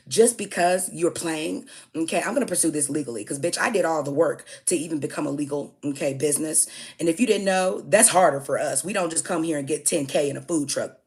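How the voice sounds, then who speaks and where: Low-pitched young woman, emphatic storytime rant, profane, punchy "okay?" tags. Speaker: food business owner.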